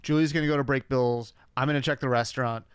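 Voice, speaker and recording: A man co-hosting a podcast, casually retelling scenes in a relaxed, wry way with filler words. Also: mid-range voice, fast talker, smooth, no echo. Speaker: podcast co-host. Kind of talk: casual recap chat.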